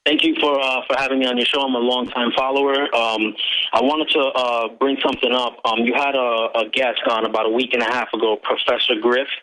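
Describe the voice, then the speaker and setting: A man's voice: mid-range voice, little pitch movement, fairly quick, sharp tone. A man calling into a radio show, polite and hesitant with many fillers. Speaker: caller. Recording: tinny phone line.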